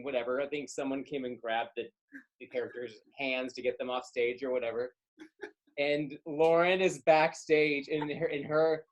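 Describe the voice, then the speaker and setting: Man, slightly high voice, animated rambling storyteller, podcast guest. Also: poor audio. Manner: animated, rambling, trails off in asides. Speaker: guest actor and live stage performer. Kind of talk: casual storytelling chat.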